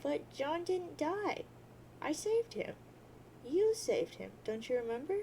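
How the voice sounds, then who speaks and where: A woman voicing a patient, guilt-ridden teenage girl who hushes and soothes. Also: high-pitched, sing-song, slow pace, slight background noise, heavily acted, rough recording. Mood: coaxing. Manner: soothing, hushing.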